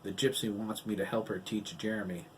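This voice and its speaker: A man reading the part of a blunt, gruff older ex-Marine in an audiobook. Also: lowish voice, steady tone, brisk, a little hiss or hum, lightly acted, poor audio.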